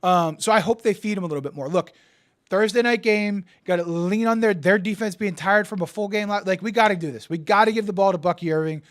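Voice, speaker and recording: A man co-hosting a casual sports betting chat, excitable and profane, often stammering and restarting, swinging from yelling to muttering. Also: high-pitched, brisk. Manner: die-hard team fan, swings from yelling to muttering. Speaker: podcast co-host.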